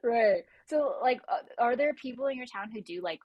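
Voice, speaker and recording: A woman's voice: fairly high pitch, expressive, normal speed, dull audio. A woman with a Californian American accent hosting a casual chat, bubbly and laughing often. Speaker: host. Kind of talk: casual video-call chat.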